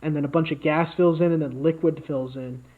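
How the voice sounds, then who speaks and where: A man's voice: on the high side, fairly even intonation, brisk. A man co-hosting a podcast, telling a made-up story in casual chat with lots of fillers and restarts. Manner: rambling, many fillers and restarts. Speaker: podcast co-host. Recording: tinny phone-like audio.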